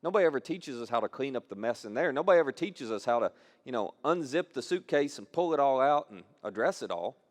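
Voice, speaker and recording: Male pastor, mid-pitched voice, conversational sermon delivery, repeats key phrases for emphasis. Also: big pitch swings, quick pace. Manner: conversational preaching with repeated phrases and acted-out quotes.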